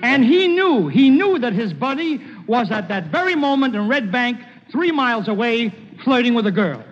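A man starring in a 1940s radio comedy show, trading quick punchy jokes with his announcer at a live show on an army post. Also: extremely high pitch, sing-song. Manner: brisk, punchy joke delivery. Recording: muffled old radio broadcast, roomy hall. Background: band music.

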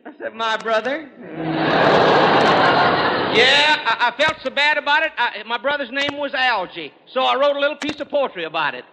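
Telling rapid-fire rural hunting jokes on stage, this man is folksy, laughs at his own material and stammers on restarts. His extremely high, expressive voice is brisk with hardly any pauses, recorded in an echoey hall with faint noise.

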